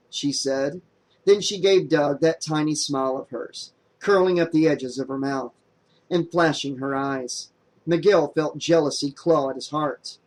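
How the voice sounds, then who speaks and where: A man reading an audiobook aloud in steady, plain narration. His voice sits a little higher than most men's. The pacing is even. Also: poor audio.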